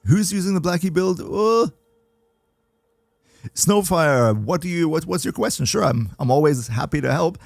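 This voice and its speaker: A man with a slightly high, gravelly voice chats casually with viewers during a game livestream. He reads out and answers chat messages in an upbeat way. The sound is dry and close, with no room echo. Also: lively intonation, normal speed, soft background music. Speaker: game streamer.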